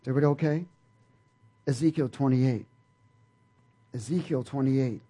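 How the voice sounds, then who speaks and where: A man's voice: medium pitch, moderate pace, dark tone, slightly rough. A male pastor preaching a sermon, emphatic and folksy, calling out to the congregation for responses. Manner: folksy and playful.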